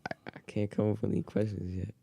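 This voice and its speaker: Hesitant young man with a gravelly voice. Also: lowish voice, flat delivery, fast talker, warm tone, no room sound. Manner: hesitant, laid-back. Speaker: guest, host's son. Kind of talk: casual chat.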